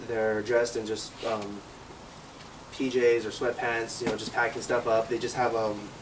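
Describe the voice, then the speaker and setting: A man's voice: mid-range voice, level tone, a little slow. A young man telling a work story in a casual interview, rambling with lots of fillers. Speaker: security guard interviewee. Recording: distant mic with clear background noise.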